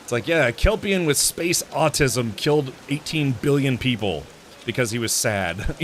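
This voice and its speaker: A man's voice: mid-range voice, animated, normal speed, slight background noise. A man streaming a video game live, chatting casually with his viewers, rambling, laughing often and restarting his sentences. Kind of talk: casual live-stream chat while gaming.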